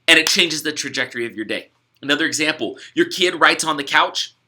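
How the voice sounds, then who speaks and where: An author in young adulthood gives casual, upbeat instructions on video about a gratitude study for its participants. He sounds animated and brisk, with a fairly high pitch and a sharp tone, and he restarts and uses fillers along the way.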